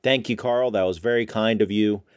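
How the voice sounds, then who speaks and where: Low-voiced guy hosting a podcast, chatty and loose, restarts a lot. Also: normal speed, smooth. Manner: relaxed, rambling with restarts. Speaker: podcast host. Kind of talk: casual podcast talk.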